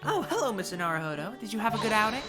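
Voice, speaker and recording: A woman's voice: mid-range voice, big pitch swings, racing, voice pushed up, lightly acted. A woman reading a polite young legal assistant. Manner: polite, formal. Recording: game music playing behind.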